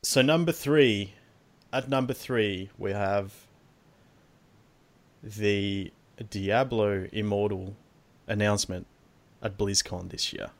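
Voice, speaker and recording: Young man, lowish voice, casual podcast host, swears freely. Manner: laid-back, swears freely, slows down to read out list items. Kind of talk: casual gaming podcast chat.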